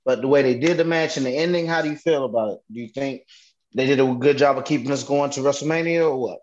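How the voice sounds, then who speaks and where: A man co-hosting a casual chat, animated and teasing, steering the talk with questions. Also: medium pitch, fast. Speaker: podcast co-host. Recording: lo-fi, dull audio.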